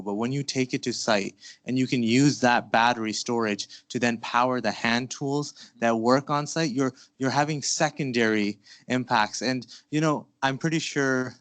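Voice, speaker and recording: A man's voice: medium pitch, a bit bright, no room sound. A man moderating a conference panel, upbeat and enthusiastic, asking the audience questions with frequent fillers.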